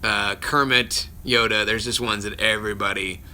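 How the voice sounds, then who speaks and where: A voice actor streams casually from his phone at home, kids nearby, taking viewer questions in rambling answers that he often interrupts himself with, chuckling along the way. His voice is fairly low and steady, bright and forceful, delivered at a moderate pace.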